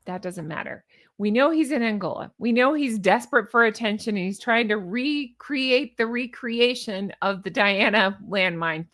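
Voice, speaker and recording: A woman's voice: medium pitch, a bit bright. A woman vlogger giving casual, sarcastic opinion commentary, rambling with asides and restarts. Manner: chatty, sarcastic, scoffing asides.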